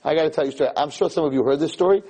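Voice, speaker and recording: A man from New York, a rabbi telling stories in an animated way to a live audience in a room. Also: very fast, slight background noise, rough recording. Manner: animated, jumps high when quoting people. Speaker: rabbi giving a talk. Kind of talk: storytelling Torah talk to a live audience.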